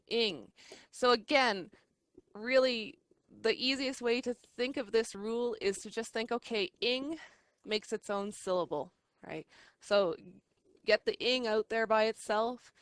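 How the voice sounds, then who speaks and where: A woman's voice: medium pitch, clean tone, no room sound. A woman teaching an English lesson, explaining patiently and checking in often with the class. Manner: patient, slow, checks in with "right?".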